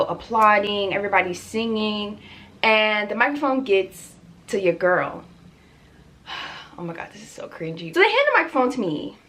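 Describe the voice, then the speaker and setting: A young woman telling a story in a vlog, animated and chatty, addressing her viewers directly. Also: mid-range voice, a little hiss or hum. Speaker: vlogger.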